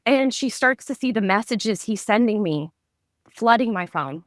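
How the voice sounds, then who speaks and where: A woman's voice: on the high side, lively intonation, unhurried, dry recording, clean studio sound. A woman in her thirties, a podcast guest, telling a personal story candidly and vividly, with lots of "like" fillers. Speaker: guest, psychic medium and artist.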